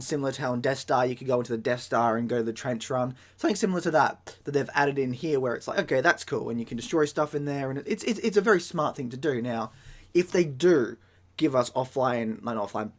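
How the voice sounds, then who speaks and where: Australian male gaming host, mid-pitched, excitable, rambly, self-correcting. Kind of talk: casual gaming commentary.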